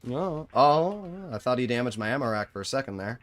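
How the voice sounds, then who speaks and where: A man's voice: mid-range voice, lively intonation, fairly quick. Sarcastic young man streaming a tank game. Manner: exasperated, sarcastic, talks to chat and team. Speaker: gaming streamer. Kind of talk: live gameplay commentary.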